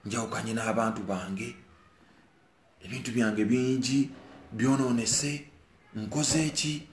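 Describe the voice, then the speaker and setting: A man's voice: medium pitch, fairly even intonation, slow, slight background noise. Ugandan man, emphatic repetitive rant, roomy echo. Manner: repetitive, emphatic, mixes local language and English, swings from quiet to loud. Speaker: musician. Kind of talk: emotional direct-to-camera rant.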